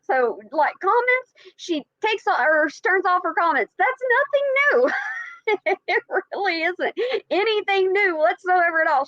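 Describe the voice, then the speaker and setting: A woman's voice: very high voice, fairly bright tone, no echo, lo-fi sound. A woman hosting a reaction channel, chatting casually to viewers, repeating herself and laughing often.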